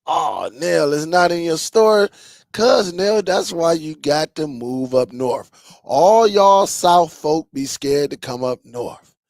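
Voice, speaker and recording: Slow, gravelly man chatting on a live stream. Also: a little high, lively intonation, a little mellow, no room sound. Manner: loose, laughing, slangy banter with chat. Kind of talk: casual live-stream chat reading comments.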